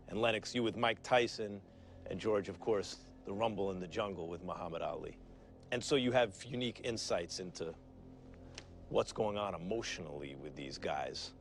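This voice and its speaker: A man's voice: fairly low pitch, a little hiss or hum. A man hosting a broadcast sports interview, asking polished, leading questions of retired boxers. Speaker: interviewer, co-host.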